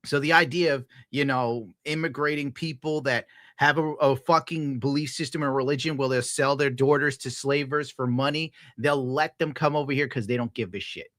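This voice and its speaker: A man's voice: mid-range voice, fairly even intonation, moderate pace, hardly any pauses, fairly bright tone, dry recording, clean studio sound. A man streaming and reacting to clips in a crude, sarcastic, profane rant, laughing at his own jokes.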